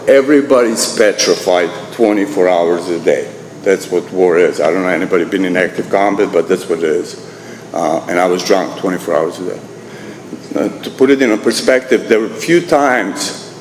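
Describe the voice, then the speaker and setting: A man's voice: deep voice, darkish tone. A middle-aged man from Croatia with a Croatian accent, telling his recovery story at a meeting in a blunt, profane, self-mocking way, restarting his sentences. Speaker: AA meeting speaker. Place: meeting hall. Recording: echoey hall with faint room noise.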